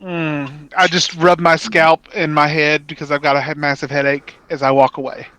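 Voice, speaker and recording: A man playing in a tabletop game, speaking in a dry, low-key way. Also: little pitch movement, normal speed, sharp tone, no echo. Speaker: player.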